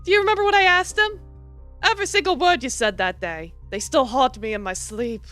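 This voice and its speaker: A woman's voice: sits high, very animated, quick pace, fairly bright tone, soft background music. A woman voicing a cocky young detective. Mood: teasing. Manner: teasing and self-assured. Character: confident young female detective. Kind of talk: reading a visual novel aloud with voices.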